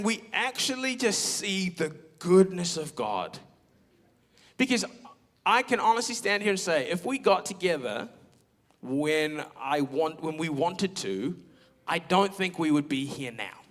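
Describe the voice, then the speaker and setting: A man's voice: high voice, sing-song, a little slow, a bit bright. A young man preaching a sermon, telling a candid, self-mocking personal story with lots of quoted asides. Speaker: pastor. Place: church auditorium.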